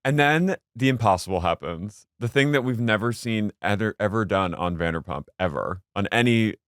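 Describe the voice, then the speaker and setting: A man's voice: moderate pace, no echo, studio quality. A man co-hosting a podcast, chatting casually and swearing as he dishes reality TV gossip. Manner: animated, swearing, jumps into high put-on voices for quotes. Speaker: podcast co-host.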